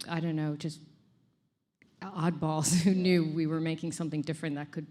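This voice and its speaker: A woman's voice: low-pitched, normal speed. A middle-aged woman chatting as an interview guest, telling stories and laughing often. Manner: laughs often, animated storytelling. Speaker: actress guest. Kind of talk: casual interview chat.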